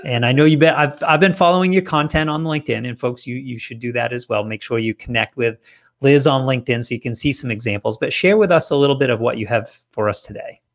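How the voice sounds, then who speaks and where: A man's voice: mid-range voice, quick pace. A man hosting an interview, talking in an easygoing, agreeable way. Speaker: podcast host. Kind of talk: casual interview chat.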